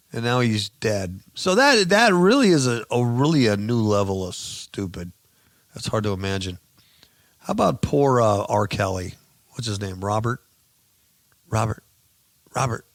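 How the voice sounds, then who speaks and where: A man's voice: mid-range voice, creaky, no room sound, clean studio sound. A man hosting a radio show, giving sarcastic, mocking commentary on news stories.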